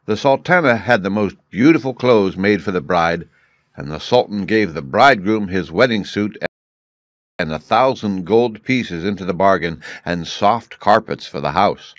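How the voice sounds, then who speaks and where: A man reads a story aloud for English learners in a clear, measured way. His voice sits on the low side. The sound is dry, with no room echo. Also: expressive. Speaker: narrator.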